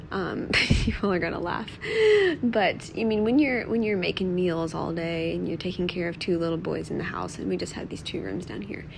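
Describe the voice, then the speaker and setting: A young woman hosting a reflective devotional talk from home, soft and earnest, often dropping to a near-whisper. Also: on the low side, vocal fry, a little hiss or hum. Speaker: podcast host.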